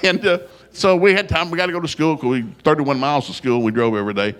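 Folksy older man telling stories. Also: fast talker. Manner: folksy, animated, gets loud and high when quoting himself. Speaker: storyteller. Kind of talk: humorous family storytelling.

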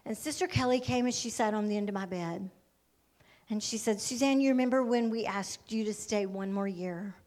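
A woman's voice: medium pitch, normal speed, a little mellow. A woman giving a missionary testimony as a sermon, telling her story with fervor and acting out the voices of the people in it.

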